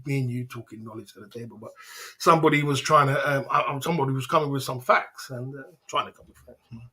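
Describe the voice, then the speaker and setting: A man's voice: medium pitch, fairly bright tone, breathy edge. A man hosting a casual livestream chat, rambling and defiant, often laughing and asking "you know what I mean". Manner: defiant, boastful. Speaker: livestream host.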